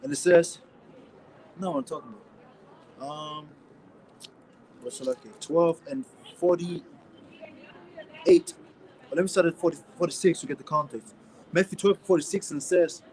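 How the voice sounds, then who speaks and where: German-accented man, street-preacher type, casual scripture talk, slightly high voice, faint noise behind. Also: fairly quick, long pauses, poor audio. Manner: casual slangy talk with many restarts, reads verses louder. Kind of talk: informal scripture teaching.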